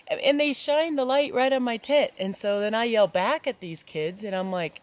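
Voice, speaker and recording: A woman's voice: fairly high pitch, normal speed, hardly any pauses, noisy background. Chatty woman backpacker telling a story outdoors. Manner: chatty, many ums, acts out voices in retelling. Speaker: solo backpacking vlogger. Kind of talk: casual storytelling to camera. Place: outdoors at a forest campsite in the mountains.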